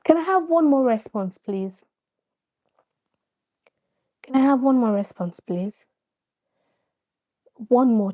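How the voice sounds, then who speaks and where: A woman's voice: on the high side, warm tone. A woman hosting a casual live stream, addressing her viewers directly, coaxing them to respond and often repeating herself.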